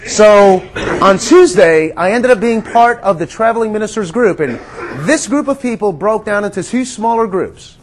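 A man preaching a sermon in a conversational, earnest way, calling his listeners friends and sinking to a hush on quiet words. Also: high voice, lively intonation, normal speed, slight background noise.

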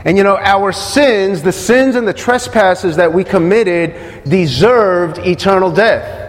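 High-voiced man preaching in a hall. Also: slow pace. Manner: asks the congregation questions and repeats key phrases. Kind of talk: sermon.

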